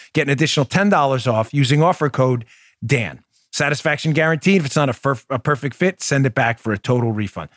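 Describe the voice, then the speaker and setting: Male political radio host, mid-pitched, punchy delivery, dry close mic. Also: no echo. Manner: emphatic, combative, addresses listeners directly. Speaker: talk show host. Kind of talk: political talk show monologue with ad reads.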